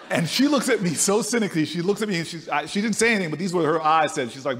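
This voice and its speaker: A man giving a speech to a live conference audience, telling a story with animated swings between loud and soft. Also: sits high, quick pace, few pauses, a little hiss or hum. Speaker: speaker at a conference. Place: large conference hall. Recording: reverberant hall.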